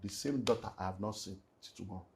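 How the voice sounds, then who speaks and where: Nigerian pastor telling a painful story. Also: male voice, on the low side, fast, gravelly, noisy background. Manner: emotional, rising to loud emphatic bursts. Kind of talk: candid personal testimony in conversation.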